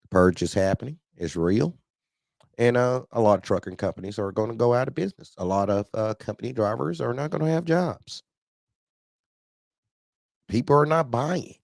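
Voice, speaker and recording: A man with a gravelly, rough-edged voice hosts a casual call-in show for truckers. He talks emphatically and folksily, often repeating his points. The sound is close and dry, with no room around it. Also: mid-range voice, normal speed, long pauses, a little mellow, no room sound. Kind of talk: casual live-stream talk.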